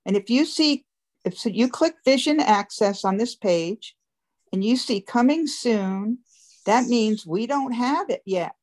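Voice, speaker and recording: A woman's voice: a little high, animated, unhurried, darkish tone. A woman, a webmaster, chatting on a conference call as she walks through a website step by step, laughing now and then. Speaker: webmaster giving a site tour.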